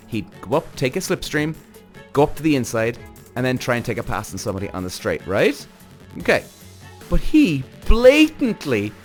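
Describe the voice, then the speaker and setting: A man hosting a podcast, giving casual, rambling commentary on a TV series, animated and swearing often. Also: on the high side. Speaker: podcast host.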